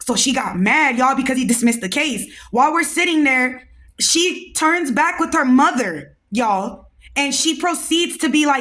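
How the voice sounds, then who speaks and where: A young woman hosting a podcast, telling a story in a casual, animated and slangy way and talking straight to her listeners. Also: sits high, normal speed. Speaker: podcast host.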